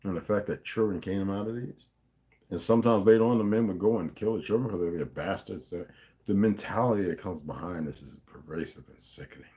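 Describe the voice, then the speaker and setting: Male streamer, low voice, casual read-aloud; stumbles, self-corrects, chats between passages. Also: fairly quick, mellow. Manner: rambling, stops to comment and correct himself. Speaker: livestream host reading a novel aloud.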